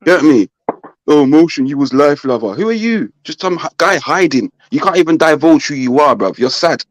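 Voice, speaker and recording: A man's voice: fairly high pitch, expressive, normal speed, no room sound. A man on an online panel, taunting and trash-talking in heavy slang. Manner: British slang, brash and taunting.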